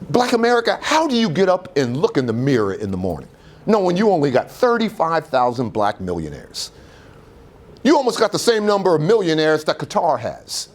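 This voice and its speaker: Man, motivational speaker, fairly high voice, very lively pitch, rhetorical questions, auditorium talk. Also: a little fast. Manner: animated preacher-like delivery with rhetorical questions. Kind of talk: motivational speech.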